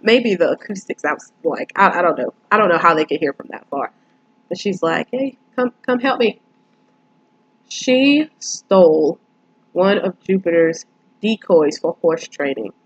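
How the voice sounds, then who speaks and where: A woman's voice: fairly low pitch, lively intonation, moderate pace, slightly rough, dull audio. A woman casually retelling and reviewing a film, rambling with lots of fillers.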